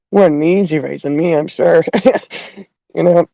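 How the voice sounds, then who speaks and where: A middle-aged woman hosting a livestream, talking in a halting, heartfelt way and crying at times. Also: deep voice, gravelly, dark tone, no room sound, muffled recording. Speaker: livestream host. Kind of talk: emotional livestream talk.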